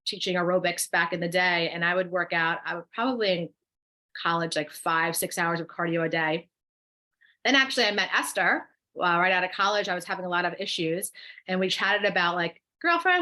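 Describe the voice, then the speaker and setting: A woman's voice: lowish voice, sharp tone. A woman with a New Jersey accent co-hosting a live online wellness workshop, chatting through viewer comments and guiding breathing exercises over a computer mic. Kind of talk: live webinar, reading chat replies.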